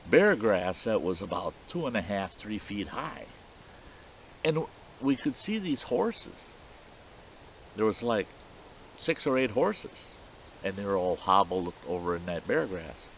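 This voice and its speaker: A man telling a folksy story outdoors at a campfire in the woods, in a dull lo-fi recording. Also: on the low side. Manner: folksy, animated yarn-spinning. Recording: dull lo-fi recording with faint hiss.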